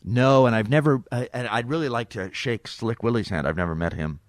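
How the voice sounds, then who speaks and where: A man telling a long story on a podcast, animated and acting out the people he quotes. His voice is mid-pitched and recorded dry and close, with no room sound. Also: brisk, no echo. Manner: animated anecdote teller, acts out quotes. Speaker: radio host and impressionist. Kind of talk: casual storytelling chat.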